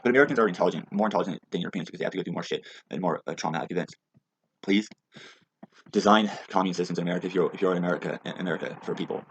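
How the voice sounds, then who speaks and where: Fast gravelly low-voiced ranting man. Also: no room sound. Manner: agitated, rambling, heavy swearing. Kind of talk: angry profane rant. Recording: muffled lo-fi with faint hiss.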